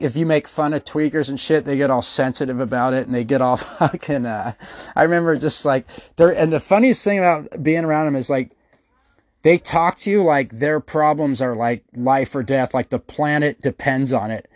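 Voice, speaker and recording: A podcast host with a mid-range voice talks at a moderate pace in a dry recording. His comedic rant is full of constant swearing and rambling stories, and he acts out the people he quotes.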